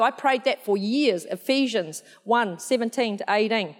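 A woman's voice: on the high side, animated, moderate pace, hardly any pauses. A woman preaching a sermon in a chatty, humorous storytelling way, full of asides. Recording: long hall reverb.

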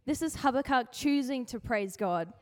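A woman's voice: a little high, lively intonation, normal speed, darkish tone. A woman giving a casual, playful youth sermon, chatty and acting out quotes in comic little voices. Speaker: youth speaker sharing a devotion. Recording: hall with long reverb.

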